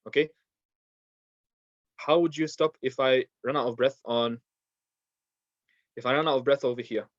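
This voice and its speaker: Male recitation teacher: steady, repeats each step, mid pitch, dry and slightly muffled audio. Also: normal speed, long pauses, no room sound. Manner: patient, repeats steps, recites verses in Arabic. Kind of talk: online class lesson.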